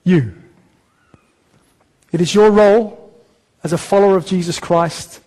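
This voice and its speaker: A man preaching a sermon as a church pastor, animated and direct, often breaking into quick acted voices. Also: a little high, in a large hall, rough recording. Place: church hall.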